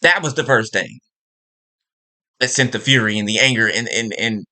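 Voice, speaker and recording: A man's voice: mid-range voice, moderate pace, sharp tone. A man giving an impassioned spiritual monologue, repeating phrases for emphasis and checking in with "right?" and "okay?". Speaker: spiritual speaker.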